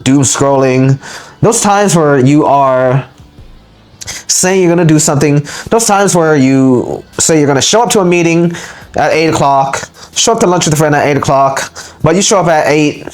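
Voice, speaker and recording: A man's voice: fairly high pitch, moderate pace. A man giving a motivational spiritual lecture as host, speaking emphatically and repeating words for punch. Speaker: spiritual teacher and channel host.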